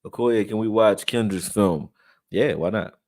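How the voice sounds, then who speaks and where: A man's voice: fairly low pitch, a little slow, darkish tone. Laid-back man hosting a live stream. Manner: loose, conversational, reads viewer chat aloud. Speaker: host of a live sports stream. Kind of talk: casual live-stream film breakdown.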